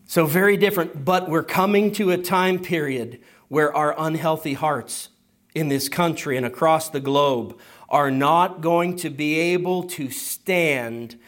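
A man delivering a sermon in a slow, deliberate cadence. His voice sits slightly higher than most men's, and he pauses often to let key phrases land. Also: a bit bright. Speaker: pastor.

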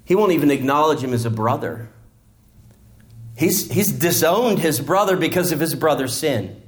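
A man's voice: fairly high pitch, expressive, normal speed. A man preaching a sermon in a church, acting out the characters as he explains a parable. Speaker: pastor.

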